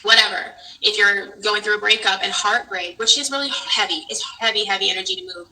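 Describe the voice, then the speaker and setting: Woman, interview guest, earnest, direct, firm advice, very bright voice, distant mic. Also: mid-range voice, fairly even intonation, brisk. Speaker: spiritual guest. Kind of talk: interview answer. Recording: distant mic with faint noise.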